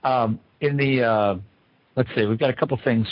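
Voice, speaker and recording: Man, podcast host, middle pitch, hesitant, playful, muffled dry recording. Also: steady tone, moderate pace, no echo. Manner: hesitant, full of fillers, playful. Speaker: podcast interviewer. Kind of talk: casual interview chat.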